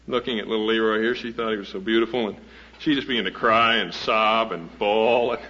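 Before a live audience, a man with a fairly low, sharp-toned voice presents a guest speaker, spinning a funny story in a homespun, rambling style packed with fillers and false starts. He talks a little fast with fairly flat intonation, captured on a dull, lo-fi old recording.

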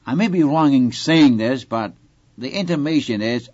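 A man's voice: medium pitch, animated, moderate pace, a little mellow, no room sound, highs cut off. A man preaching an expository sermon, reading scripture aloud and speaking earnestly and directly to his listeners. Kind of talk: Bible-teaching sermon.

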